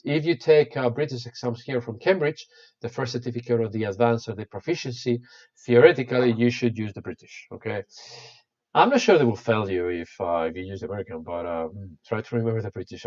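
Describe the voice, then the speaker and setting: A male teacher whose first language is Spanish, running a live online English class, with a mid-pitched voice. He talks in a chatty, encouraging way and keeps checking in with students by name. The sound comes through a computer mic and is a bit dull and lo-fi. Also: a little mellow.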